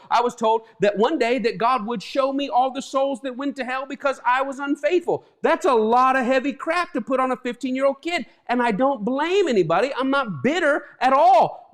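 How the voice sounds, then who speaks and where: A pastor in his fifties preaching a reflective sermon, earnest and stumbling over repeated words as he talks. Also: very high voice. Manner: acts out quoted voices.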